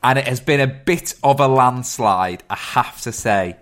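A man's voice: medium pitch, a little slow, a bit bright. A man, co-hosting a film podcast in casual chat and announcing results. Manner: upbeat, announcing. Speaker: podcast co-host.

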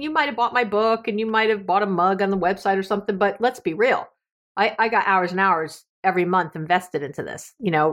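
A middle-aged woman hosting a solo advice podcast, chatty and animated, laughing often and acting out other people's words. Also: medium pitch. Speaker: podcast host.

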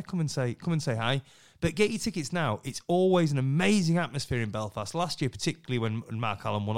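A middle-aged man, co-hosting a casual podcast, chatty and quick to laugh. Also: medium pitch, clear, resonant tone. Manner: chatty, laughs easily, upbeat sign-off. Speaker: podcast co-host.

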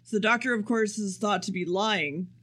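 A man with a notably high voice talks through a plot recap in loose, casual chat. He rambles, swears freely and slips into quick impressions of the characters. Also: bright, forceful tone. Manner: rambling and profane, acts out quotes. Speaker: podcast co-host.

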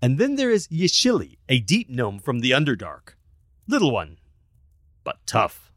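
A man's voice: mid-range voice, huge pitch swings, a little slow, a bit bright, no echo, clean studio sound, full character voice. A man voicing a haughty merchant guild leader who talks in a pompous drawl. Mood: smug.

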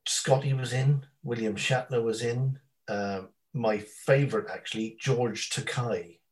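A man chatting casually as a podcast guest, telling rambling stories with lots of ums and quick impressions. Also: medium pitch, steady tone, low-quality recording.

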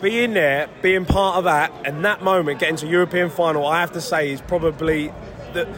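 Brief: English ex-player, slightly high voice, emotional street interview, loud crowd behind. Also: male voice, fairly quick. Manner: overwhelmed, repeating himself, casual "mate". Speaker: former footballer, guest. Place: outdoors in a city street after a match.

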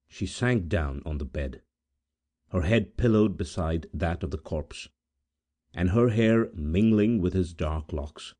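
A man reading a gothic tale aloud as an audiobook narrator, in a measured, solemn manner with dramatic pauses. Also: deep voice, dark tone, breathy edge. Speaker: volunteer audiobook reader.

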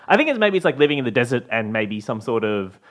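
Rambling, animated Australian man. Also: medium pitch, fast. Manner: rambling, full of restarts and "like", laughs often. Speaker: podcast co-host. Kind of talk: casual comedic chat.

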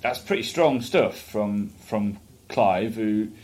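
A man's voice: lowish voice, lively intonation, slow, darkish tone. A man co-hosting a casual political podcast, sardonic and jokey, often reading quotes aloud. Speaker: podcast co-host.

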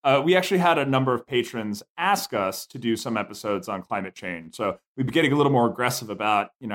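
A man co-hosting a podcast in an easy conversational way, with a middle-pitched voice. He slips dry, joking asides into the chat. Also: animated, quick pace, hardly any pauses. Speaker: podcast co-host.

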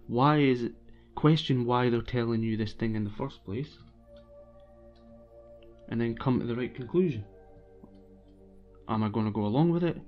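Male streamer, opinionated casual rant, relaxed dark tone, dull recording. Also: medium pitch. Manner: opinionated and blunt, with frequent restarts. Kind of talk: casual ranting monologue.

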